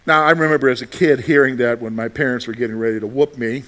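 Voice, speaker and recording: In this sermon, the pastor's mid-range voice stays steady in tone while he talks quickly. He raises questions only to answer them, swinging from forceful, loud points to hushed confidences meant for his flock.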